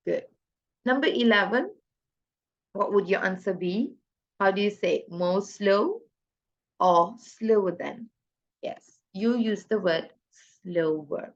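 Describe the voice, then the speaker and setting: Slow, patient teacher. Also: female voice, mid-range voice, muffled recording. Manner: asks questions then answers them herself. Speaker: English teacher. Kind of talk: classroom grammar lesson.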